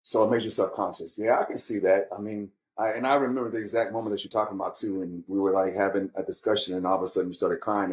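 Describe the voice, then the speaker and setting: A man's voice: sits low, fast talker, hardly any pauses, rough recording. A middle-aged man hosting a casual, heartfelt chat with his grown kids, speaking candidly and reflectively. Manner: candid, reflective, animated when quoting himself. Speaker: podcast host and father.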